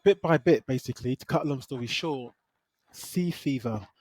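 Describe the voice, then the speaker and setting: A relaxed British man co-hosting a film podcast, talking in a mid-range voice with a loose, slangy delivery. He retells plots with plenty of asides. The recording is dry and close, with no room sound. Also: medium pitch, moderate pace, no room sound. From United Kingdom. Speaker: podcast co-host. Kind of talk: casual film review chat.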